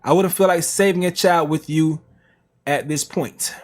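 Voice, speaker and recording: A man's voice: fairly high pitch, normal speed, a little mellow. A man reading text messages aloud on a reaction stream, with slangy asides. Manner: plain reading broken by slang asides and laughs.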